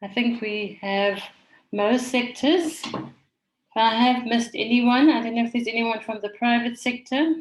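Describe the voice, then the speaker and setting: Measured woman facilitating an online conference. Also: on the high side, low-quality recording. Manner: measured, orderly, reads names from the chat. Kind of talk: moderating an online conference session. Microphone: video call.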